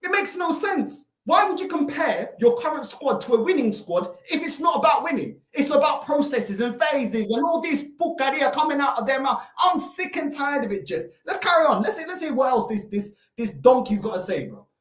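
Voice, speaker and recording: A London woman with a high, swinging voice hosts a casual reaction chat. She rants with exasperated rhetorical questions and breaks into laughs. The room gives her voice a noticeable echo. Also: lively intonation, moderate pace, hardly any pauses. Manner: exasperated, ranting, laughs often. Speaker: channel host. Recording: roomy echo.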